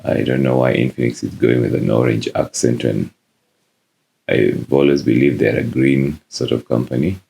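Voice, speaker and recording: Very deep, gravelly-voiced man unboxing. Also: moderate pace. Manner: relaxed, many "uh" fillers. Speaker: tech reviewer. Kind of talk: casual unboxing narration.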